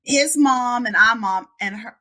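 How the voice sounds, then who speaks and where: A children's book author chats in a casual interview, animatedly telling a story and acting out the voices of the people she quotes. Her slightly high voice is pushed and bright, and she speaks unhurriedly.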